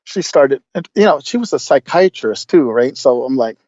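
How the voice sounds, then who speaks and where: A man's voice: mid-range voice, expressive, moderate pace, darkish tone, no room sound, dull audio. A man, a podcast guest, telling stories casually in a rambling, profane way, full of fillers. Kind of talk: casual storytelling.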